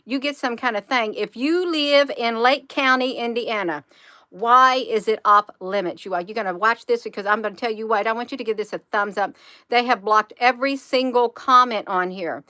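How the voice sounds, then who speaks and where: Lady in her 50s rambling on a livestream, bright voice, dry close sound. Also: on the high side, moderate pace, dry recording. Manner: rambling, emphatic, addresses viewers as "you all". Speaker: channel host. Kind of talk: casual livestream talk.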